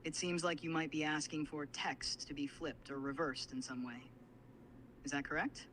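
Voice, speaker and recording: A man's voice: on the high side, moderate pace, slight background noise, low-quality recording. A text-to-speech male AI assistant voice, apologetic and formal in its replies. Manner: apologetic, even-toned and formal.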